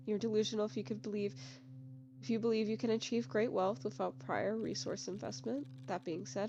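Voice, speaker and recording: A woman's voice: mid-range voice, dark tone, lightly acted. A woman voicing a haughty wealthy middle-aged businessman soul in a game, pompous and lecturing, in a slightly dull recording with game music behind.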